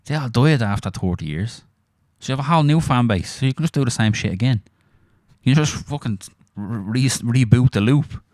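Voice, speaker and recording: An Irish man chatting casually on a podcast, sweary and animated as he tells stories. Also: mid-range voice, moderate pace, dry recording, clean studio sound. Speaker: podcast co-host. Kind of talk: casual chat.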